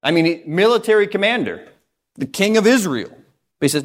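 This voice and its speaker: A man's voice: high-pitched, expressive, a little fast. A male pastor giving an earnest, emphatic sermon, reading scripture and stressing key phrases.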